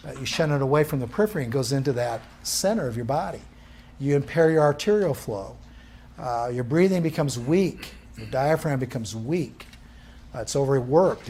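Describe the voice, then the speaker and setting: A man's voice: medium pitch, darkish tone, a little hiss or hum. A male instructor giving a live classroom lecture, quizzing the room with questions and answering them himself.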